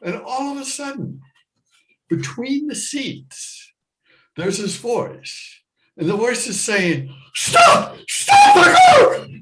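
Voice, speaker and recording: A middle-aged American man telling a personal story to a live audience, animated, jumping into loud high voices for the people in it. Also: takes it slowly, pauses often, slight background noise, low-quality recording. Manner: animated, acts out his younger self and others with loud high shouts.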